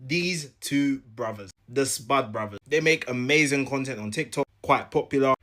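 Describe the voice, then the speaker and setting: A man telling a comic story in an animated, jokey way, acting out each side. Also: mid-range voice, moderate pace. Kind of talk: comedic storytelling.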